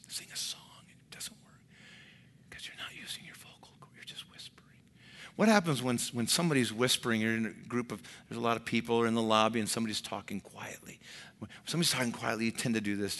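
A pastor preaching to his congregation, his bright, forceful voice carried by the long reverb of a large church hall. He preaches with animation and drops his voice low for emphasis. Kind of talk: sermon.

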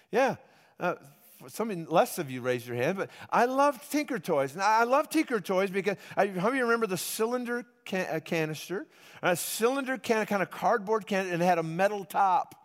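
High-voiced pastor preaching in a hall. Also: male voice. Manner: conversational, repeats and restarts, calls for congregation response. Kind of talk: sermon. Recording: reverberant hall.

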